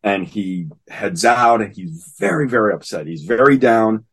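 A man co-hosting a casual podcast, retelling a comic story with animated flair and acting out characters' lines. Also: fairly low pitch, a little slow, husky. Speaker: podcast co-host. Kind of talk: casual comic book discussion.

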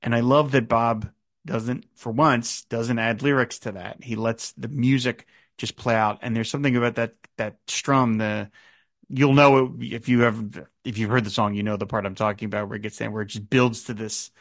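Gravelly man in his fifties musing. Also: mid-range voice, steady tone, normal speed, fairly bright tone, no echo, clean studio sound. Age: 50s. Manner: musing, with many fillers and restarts. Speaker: podcast host. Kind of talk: casual podcast talk about a song.

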